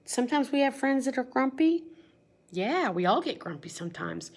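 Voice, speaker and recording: In a storytime lesson, a woman teacher with a high-sitting voice reads a picture book to young children at a moderate pace. She is animated and questioning, directing her reading toward the kids.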